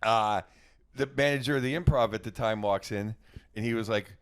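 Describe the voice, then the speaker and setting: A man's voice: on the low side, normal speed. A man, a stand-up comedian from the Pittsburgh area with a light Pittsburgh accent, chatting and telling stories on a comedy podcast. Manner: animated storytelling with gravelly edge. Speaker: guest comedian. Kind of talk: casual podcast chat.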